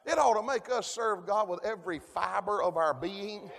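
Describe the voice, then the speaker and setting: A man preaching a folksy sermon, calling for amens and building to shouts. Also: high voice, moderate pace, vocal fry. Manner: folksy, call-and-response, rising to shouts. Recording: long hall reverb.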